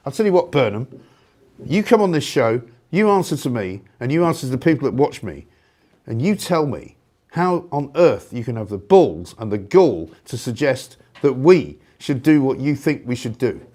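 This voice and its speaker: A man hosting a live talk show, delivering a sarcastic, indignant opinion rant with loud outbursts. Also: medium pitch, sing-song, normal speed.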